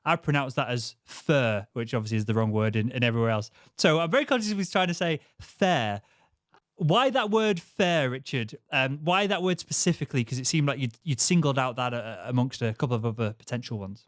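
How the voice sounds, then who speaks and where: A man's voice: mid-range voice, quick pace, hardly any pauses, no echo, studio quality. A man with a Northern English accent hosting an interview, asking long, winding questions in a chatty, self-deprecating way. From England. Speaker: podcast host. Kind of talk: casual interview chat.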